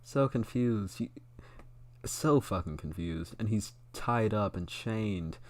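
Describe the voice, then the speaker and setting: A young man talks into a close studio microphone, riffing in casual stream commentary. His voice sits a bit low, and his delivery is sarcastic and mocking, peppered with swearing. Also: expressive, slow. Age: young adult. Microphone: close studio mic.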